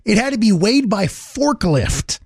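A man co-hosting a radio morning show, telling news stories in an animated, playful way. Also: high voice, measured pace, vocal fry, slightly rough, no room sound, studio quality. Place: radio studio. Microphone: studio microphone.

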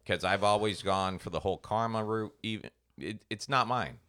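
A man's voice: fairly low pitch, moderate pace, clear, resonant tone. A man co-hosting a podcast, telling stories in casual chat and acting out the people in them. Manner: animated storyteller, acts out voices in anecdotes. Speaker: podcast co-host.

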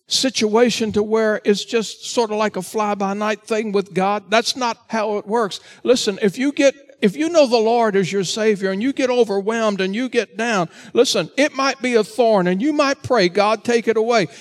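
Man, pastor, sermon, high-pitched, earnest, exhorting. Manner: earnest, exhorting, repeats "listen" to the congregation.

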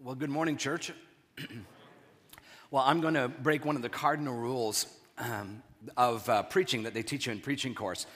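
A male pastor with a hoarse throat, preaching a conversational sermon and often clearing his throat. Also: mid-range voice, steady tone, moderate pace, long pauses, a bit bright. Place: church sanctuary. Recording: reverberant church hall.

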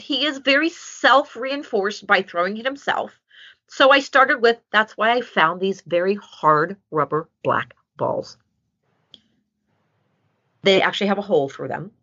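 A woman's voice: fairly low pitch, pushed and bright, breathy edge. A woman dog trainer talking in casual podcast conversation, telling stories animatedly with many fillers, on a dull lo-fi recording. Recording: dull lo-fi sound.

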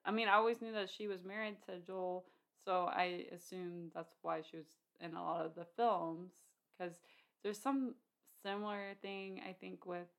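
A woman talking films in a relaxed back-and-forth, her voice sitting a little low. She rambles and restarts her sentences, with plenty of fillers. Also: creaky. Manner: chatty, many fillers and restarts. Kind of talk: casual film discussion.

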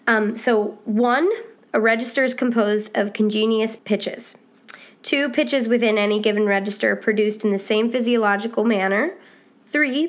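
A woman teaching singing on a podcast, chatty and encouraging, with a pitch that sits in the ordinary middle. She explains at an easy pace and now and then jumps up into bright, high demonstration hoots. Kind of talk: casual podcast lesson.

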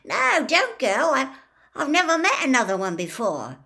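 A woman's voice: fairly low pitch, big pitch swings, slow pace, a bit bright, full character voice. A woman voicing a big, kind-hearted half-giant groundskeeper who talks in a plain, homely way. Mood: eager. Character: gruff kindly half-giant groundskeeper man.

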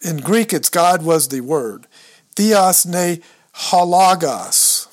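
A man with a fairly high voice talks slowly and deliberately on a podcast, walking his co-host through a Bible passage. He reads verses and Greek words aloud, stumbles over the pronunciation, and thinks out loud as he hunts through his books. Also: animated. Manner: explains step by step, thinks aloud while leafing through books. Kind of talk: casual teaching talk on scripture.

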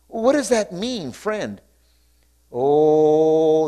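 High-voiced preaching man. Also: big pitch swings, normal speed. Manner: preaching with call-outs and repeated hallelujahs; reads scripture aloud and comments on it. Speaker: pastor. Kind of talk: sermon.

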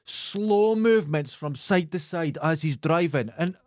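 A Scottish man hosting a podcast, telling a comic story in an animated, emphatic way and swearing freely. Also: on the high side, measured pace, no echo, studio quality. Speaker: podcast host. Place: studio.

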